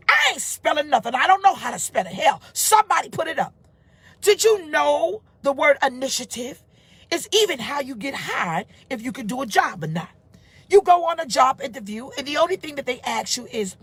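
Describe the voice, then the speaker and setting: A middle-aged woman pastor preaching a live-streamed sermon, emphatic and informal, rising to shouts and reading out comments from viewers. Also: high voice, no echo.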